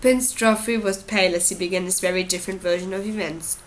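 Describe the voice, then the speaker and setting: A woman's voice: lowish voice, fast, rough recording. Woman reading an audiobook. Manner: steady, even storytelling. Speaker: audiobook reader. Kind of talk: audiobook narration.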